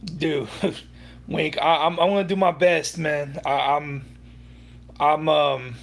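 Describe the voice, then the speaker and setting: A man's voice: on the high side, steady tone, slow pace, vocal fry. A young man hosting a sports livestream, ranting heatedly and profanely with many restarts. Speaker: livestream host.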